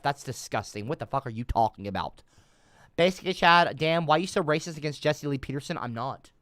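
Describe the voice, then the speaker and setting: Profane, rambling male streamer, bright voice. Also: a little high, animated, fairly quick, dry recording, clean studio sound. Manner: profane, sarcastic, rambling, trails off mid-sentence; swings between mumbling and loud outbursts. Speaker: livestreamer. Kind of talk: rambling livestream commentary.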